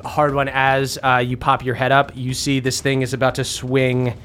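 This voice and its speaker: A man narrating a tabletop game as game master, quick and often laughing. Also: mid-range voice, completely flat delivery, a bit bright, slight background noise.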